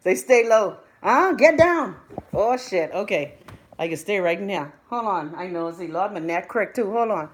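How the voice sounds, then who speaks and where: A young Bahamian woman hosting a live stream, chatting loudly to her viewers, gossipy and swearing freely. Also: on the low side, normal speed. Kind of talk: casual live-stream chat.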